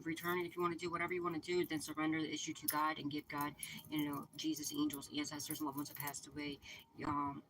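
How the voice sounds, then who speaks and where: A woman's voice: low voice, noisy background. A woman hosting her channel, giving viewers a casual, profane spiritual pep talk and repeating her reassurances over and over. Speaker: spiritual reader and channel host.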